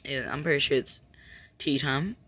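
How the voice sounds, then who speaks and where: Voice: medium pitch, fairly even intonation, normal speed, fairly bright tone, husky. A young performer voicing a fussy tie-dye plush bear with a put-on British accent, prim and correcting others.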